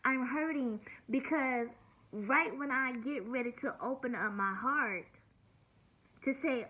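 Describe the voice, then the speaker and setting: A woman's voice: high-pitched, animated, unhurried, a bit bright, rough recording. A woman in her forties, blunt and swearing, venting through a hurt, near-tearful personal vlog monologue. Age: 40s. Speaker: vlogger.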